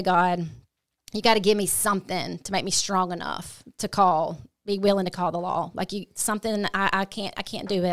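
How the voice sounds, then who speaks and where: A middle-aged woman telling a hard family story as a podcast guest, earnest and halting, often restarting her sentences. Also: mid-range voice, no room sound, studio quality. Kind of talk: candid personal storytelling.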